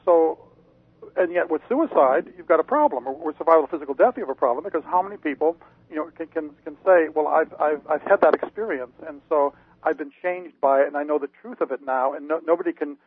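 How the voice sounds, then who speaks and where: A man, a parapsychologist guest on a radio interview, explaining slowly with many fillers and restarts over a phone line. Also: a little high, slightly rough, no room sound. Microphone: phone call-in. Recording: tinny phone line, dry.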